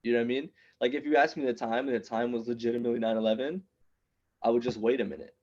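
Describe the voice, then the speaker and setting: A man in his thirties, an immigrant raised in New York City, telling a stand-up comedy story with punchy, animated delivery and quick asides to the crowd. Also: mid-range voice, highs cut off. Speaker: stand-up comedian at open mic.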